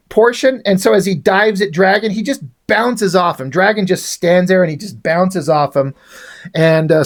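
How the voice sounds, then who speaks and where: A man giving a casual, profane, sardonic recap of a comic book. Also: high-pitched.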